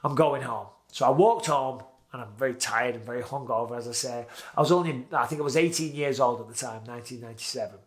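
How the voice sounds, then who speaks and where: Speaking quickly in a mid-range voice, a British man in his forties relays a vivid anecdote from his own life in a casual way, performing his past lines.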